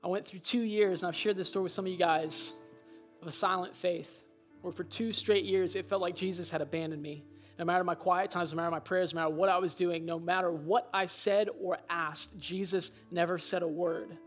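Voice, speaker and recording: Male pastor, high voice, earnest reflective sermon delivery, faint music underneath. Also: fairly even intonation, fairly quick.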